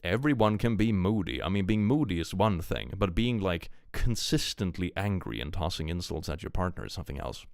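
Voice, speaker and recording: A man with a very low voice chats his way through reactions on a live stream. He rambles, reads posts aloud and laughs often, and the sound is dry and close to the mic with no room echo. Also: sing-song, brisk, gravelly, hardly any pauses. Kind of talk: casual live-stream commentary.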